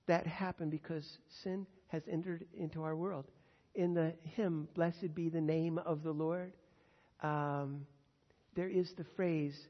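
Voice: medium pitch, slightly rough, big-room sound, highs cut off. A pastor teaching verse by verse through a Bible passage in a conversational, earnest way, with frequent fillers.

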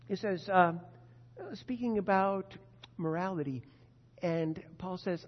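A man preaching a sermon, swinging between loud emphasis and quiet asides. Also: sits high. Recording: dull audio with long hall reverb.

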